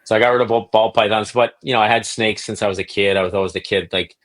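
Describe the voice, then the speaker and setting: A man from Canada, a reptile breeder and podcast guest, telling animated stories and acting out quotes. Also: on the low side, quick pace. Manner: animated storyteller, acts out quotes. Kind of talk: casual podcast storytelling.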